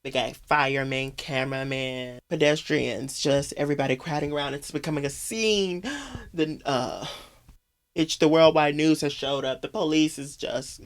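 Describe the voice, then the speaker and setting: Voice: mid-range voice, moderate pace. A podcast host recapping an old TV movie in a comedic, mocking way, swearing freely and laughing often.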